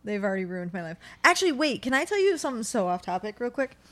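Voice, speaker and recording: A woman's voice: on the high side, big pitch swings, fast talker, fairly bright tone. Young woman podcast co-host; sarcastic, blunt, swears a lot; casual chat.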